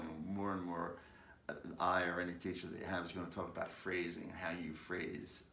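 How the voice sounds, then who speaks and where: A man giving a casual guitar lesson, talking haltingly with many fillers, stopping to demonstrate strums. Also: sits low, creaky. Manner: slow, halting, frequent fillers, sings snatches of lyrics. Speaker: guitar teacher. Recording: roomy sound, distant mic, loud guitar.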